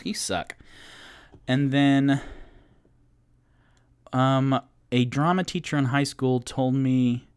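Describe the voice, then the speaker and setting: A man's voice: mid-range voice, no room sound. A young man from North Carolina with a light Southern accent, chatting casually and rambling as a podcast host. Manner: rambling, self-interrupting, jokey. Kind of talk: casual tipsy chat to an audience.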